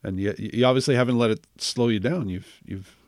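A man's voice: medium pitch, brisk, dry recording, studio quality. A man hosting an interview show, chatty and encouraging, asking his guest questions. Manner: encouraging, chatty, laughs easily. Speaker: podcast host. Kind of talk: interview conversation.

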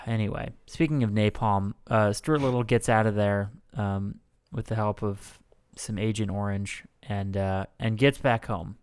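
Podcast co-host, man, smooth resonant voice, dry sarcastic rambler, hiccuping. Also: lowish voice. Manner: sarcastic, rambling with many fillers. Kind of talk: casual comedic podcast chat.

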